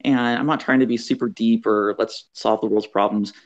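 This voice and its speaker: A woman's voice: extremely low pitch, steady tone, fairly quick, lo-fi sound. A middle-aged woman author, a guest, telling chatty anecdotes and acting out the voices in them. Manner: acts out quoted voices, chatty. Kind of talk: animated storytelling in an interview.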